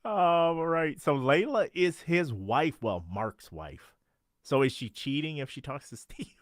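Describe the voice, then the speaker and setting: A man's voice: fairly high pitch, expressive, unhurried, no echo, studio quality. A man co-hosting a podcast, recapping a TV episode in casual chat and laughing often. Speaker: podcast co-host.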